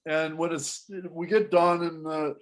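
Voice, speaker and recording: Animated man telling a story. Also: fairly high pitch, unhurried. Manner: animated, restarts often, acts out quotes. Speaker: guest storyteller. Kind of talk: casual storytelling in a panel talk.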